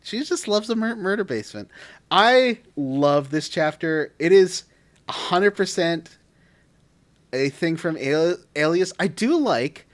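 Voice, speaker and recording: A man's voice: high voice, expressive, measured pace. A man co-hosting a casual gaming podcast, rambling with lots of "like" and restarts. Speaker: podcast co-host.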